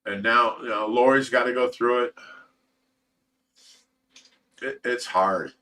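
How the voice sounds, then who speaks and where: A man's voice: medium pitch, slow, long pauses, pushed and bright, far from the mic. A man hosting a casual livestream, talking in an emotional, rambling way with repeated words and swearing. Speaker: host of a fish rescue livestream.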